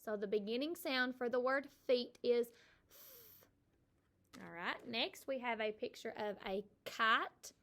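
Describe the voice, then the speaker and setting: A middle-aged woman, a kindergarten teacher giving a recorded phonics lesson and slowly sounding out each letter for young children. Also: on the high side, a bit bright.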